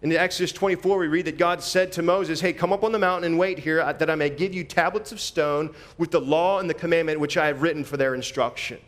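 A man preaching a sermon in a conversational, animated way, often repeating phrases as he walks through scripture. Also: fairly high pitch, fast talker, hardly any pauses.

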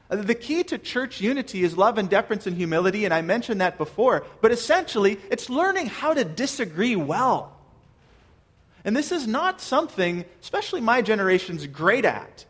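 High-voiced man preaching a sermon. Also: fairly bright tone, husky. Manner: earnest, measured preaching with rhetorical questions. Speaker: pastor.

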